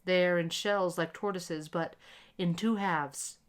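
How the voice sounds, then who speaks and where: A woman's voice: on the low side, fairly even intonation, unhurried, clear, resonant tone, natural voice. A woman voicing a poor, cold father who speaks in a hollow, shaking voice. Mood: explaining. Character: poor, cold, trembling father, ashamed and weary.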